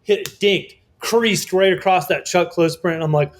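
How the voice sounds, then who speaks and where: A man telling a lively story as a guest in an interview, casual and swearing often, acting out other people's voices. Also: sits high, moderate pace, a little hiss or hum. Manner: animated, swearing, acts out quoted voices. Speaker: guest artist.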